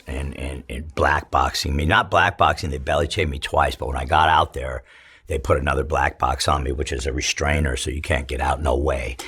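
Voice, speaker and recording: A middle-aged man from California, telling his story in an interview, profane and halting with many restarts. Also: rumbling low, a bit bright, husky. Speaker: interview guest, former prisoner. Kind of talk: emotional storytelling.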